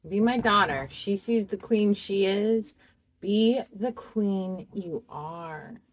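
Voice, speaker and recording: A woman doing a pick-a-card tarot reading, speaking to the viewer in a slow, heartfelt and expressive way. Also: mid-range voice. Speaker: tarot reader.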